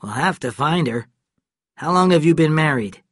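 A man's voice: fairly high pitch, expressive, moderate pace, a bit bright, husky, dry recording, clean studio sound, voice pushed up. A man voicing a stern young deputy sheriff who presses firm questions. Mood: stern, pressing.

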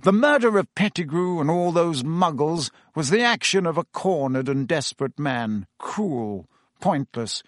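A man's voice: fairly high pitch, expressive, unhurried, dry recording, clean studio sound, pitched above the performer's own voice. A man voicing a pompous, bustling middle-aged male minister who talks in a fussy, self-important way. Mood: earnest.

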